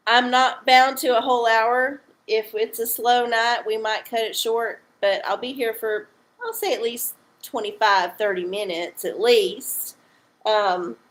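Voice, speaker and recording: A woman's voice: medium pitch, low-quality recording. A woman hosting a casual livestream from home, chatty and playful, reading oracles for her viewers. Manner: chatty, playful, uses y'all.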